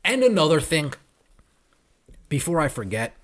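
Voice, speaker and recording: A man's voice: a little high, very animated, normal speed, a bit bright. A man hosting a podcast, ranting about a basketball coach with sarcasm and profanity. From New York tri-state area. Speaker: podcast host. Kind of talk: ranting sports commentary.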